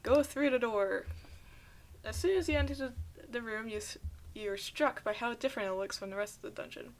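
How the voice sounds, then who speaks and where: A woman's voice: a little high, brisk, slight background noise. A young woman playing a game, reading its narration aloud and tripping over words as she goes. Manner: stumbles and restarts words while reading. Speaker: game streamer.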